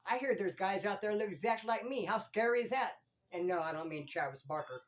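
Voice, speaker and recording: A former prisoner hosting his own channel, telling stories in animated street slang. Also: high voice, fairly quick. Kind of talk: casual storytelling vlog.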